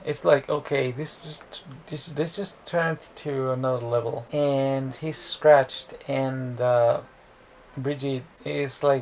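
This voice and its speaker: A man's voice: medium pitch, steady tone, unhurried, a little mellow, a little hiss or hum, poor audio. A man casually recapping a movie plot in a rambling, profane way, often restarting words. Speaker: movie reviewer.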